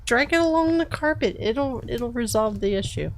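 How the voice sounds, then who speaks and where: A woman's voice: on the high side, lively intonation, moderate pace, slight background noise, rough recording. A woman co-hosting a crafting livestream in casual, teasing chat, laughing often and bossing her partner around in fun. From not from New York.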